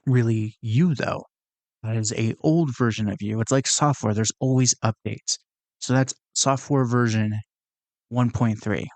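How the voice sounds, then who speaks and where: A man's voice: medium pitch, darkish tone, dry recording. A young man hosting his own podcast, talking through his thoughts in a casual, earnest, rambling way, with frequent fillers and restarts. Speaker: podcast host. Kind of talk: casual reflective monologue.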